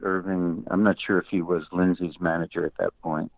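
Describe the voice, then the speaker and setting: A man's voice: low voice, little pitch movement, moderate pace, dry recording. An older man, a musician and guest, telling wry anecdotes in an interview. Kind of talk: interview storytelling. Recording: tinny dry phone-like line.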